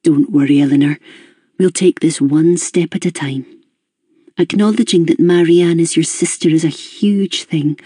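A woman reading the lines of a calm, gentle female therapist, soft and reassuring. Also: deep voice, unhurried, breathy edge, no room sound, studio quality.

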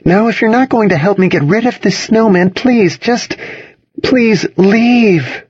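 A man's voice: on the high side, normal speed, a little mellow, slightly rough, no echo, muffled recording, pitched above the performer's own voice. A man reading an audiobook, putting on the voice of a guarded, moody young woman with a cool, clipped manner. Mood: pleading, sharp.

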